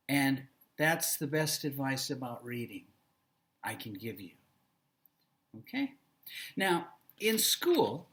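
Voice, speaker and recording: Slow, expressive male teacher trainer. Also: mid-range voice. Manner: slow, deliberate and expressive, drops to a soft voice at times. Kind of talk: recorded lecture for student teachers.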